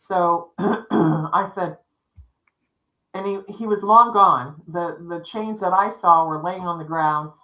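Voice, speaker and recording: A middle-aged woman tells her tale in a bright, forceful voice that sits a little low. She rambles and restarts, acting out what each person said. She talks casually into a livestream microphone. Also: slow, rough recording. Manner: rambling, with restarts and quoted dialogue. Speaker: psychic storyteller co-hosting a livestream. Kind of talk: casual spoken storytelling.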